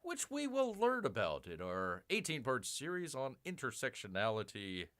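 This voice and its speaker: A man voicing a calm, soft-spoken male public radio presenter in a measured, solemn delivery. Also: medium pitch. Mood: mock-serious. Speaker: game streamer.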